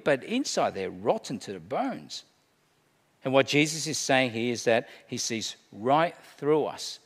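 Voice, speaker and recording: A man delivers a sermon with real emphasis, his pitch swinging widely from line to line. His voice sits a little high for a man. It carries a long echo, as if recorded in a large hall. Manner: emphatic, rising and falling delivery. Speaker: preacher.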